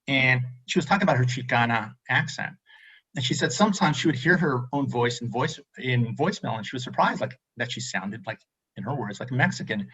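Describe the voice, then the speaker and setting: A man's voice: mid-range voice, sharp tone, breathy edge, highs cut off. A man from Los Angeles moderating a panel discussion, talking in a rambling way with restarts. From Boyle Heights, Los Angeles.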